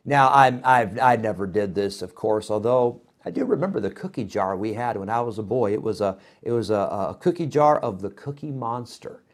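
A middle-aged man preaching a sermon in a folksy, animated way, with frequent fillers and restarts. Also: on the low side, normal speed, hardly any pauses.

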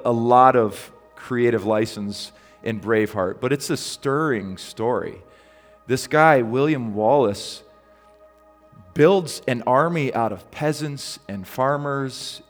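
A man preaching a sermon as a pastor, telling a story in a relaxed, conversational way with frequent ums and restarts. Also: medium pitch, big-room sound.

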